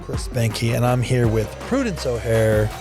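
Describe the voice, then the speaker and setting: A man's voice: mid-range voice, animated, measured pace, music in the background. Joking male podcast host. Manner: joking, upbeat, teasing. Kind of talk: casual banter.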